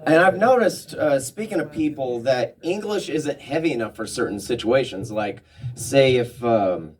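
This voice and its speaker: A man from New Mexico doing a stand-up comedy set, rambling and halting with many ums. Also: medium pitch, expressive, a little mellow, far from the mic.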